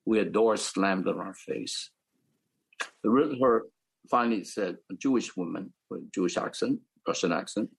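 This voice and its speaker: An older man from the Philippines, calmly telling his life story as a panel speaker. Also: on the low side, creaky, slightly rough, low-quality recording. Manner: reflective, matter-of-fact storytelling. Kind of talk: personal storytelling.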